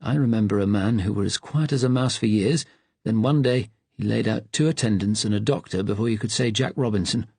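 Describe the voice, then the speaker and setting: A man plays an elderly porter leaning on his window ledge, relishing gloomy gossip about past patients in easy, confiding chatter. His voice is low, husky, and a little mellow, and his pace is brisk. The recording is close and dry.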